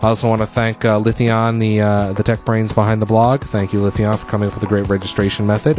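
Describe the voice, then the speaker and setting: Casual low-voiced male podcast host. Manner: casual, rambling with fillers and restarts. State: out of breath. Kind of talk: solo podcast chat.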